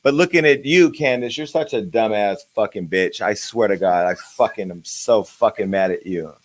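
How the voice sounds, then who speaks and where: A man's voice: fairly low pitch, normal speed. A man hosting a celebrity gossip show, ranting crudely and brashly with a stream of insults. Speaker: host. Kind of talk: profane comedic celebrity gossip.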